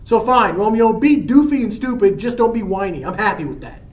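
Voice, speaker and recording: A man's voice: sits high, very animated, fairly quick, darkish tone, pitched above the performer's own voice. A man voicing an exasperated young male friend who teases bluntly, heard in a roomy space from far off. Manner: grumbling, impatient.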